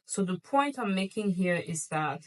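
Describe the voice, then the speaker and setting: A woman's voice: mid-range voice, expressive, unhurried, far from the mic, low-quality recording. A woman vlogger chatting casually and playfully to her viewers about luxury shopping, gushing over items. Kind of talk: casual chatty haul video.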